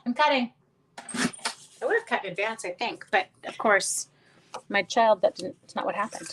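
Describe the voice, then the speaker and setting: A woman's voice: mid-range voice, animated, moderate pace, noisy background. Chatty woman teaching a craft class live. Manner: chatty, greets viewers by name, self-deprecating asides; rambling storyteller mid-task. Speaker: card-making instructor. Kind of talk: casual live-stream craft tutorial.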